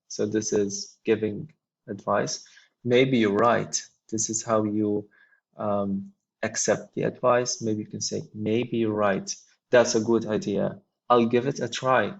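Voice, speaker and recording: Male English teacher, gravelly voice, reads examples then explains slowly with fillers; muffled lo-fi sound. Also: lowish voice. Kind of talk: explaining a textbook dialogue. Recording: dull lo-fi recording.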